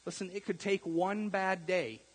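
Husky-voiced man preaching in an echoing hall. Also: high voice, steady tone, a little slow. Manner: earnest preaching, rising louder on key points then dropping soft. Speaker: pastor. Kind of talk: sermon. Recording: long echo of a large hall.

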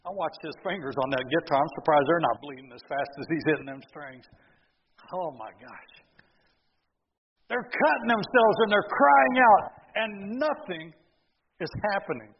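A male pastor preaching a sermon, retelling the story with lively, sarcastic asides to the congregation. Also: a little high, normal speed, big-room sound, dull audio, slight background noise. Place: church sanctuary.

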